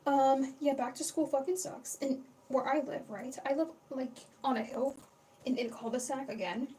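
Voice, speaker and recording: Sitting high and warm in tone, her voice keeps a moderate pace. A young woman running a casual livestream, she rambles chattily, swears freely, and greets her chat, heard via a distant mic with faint background noise.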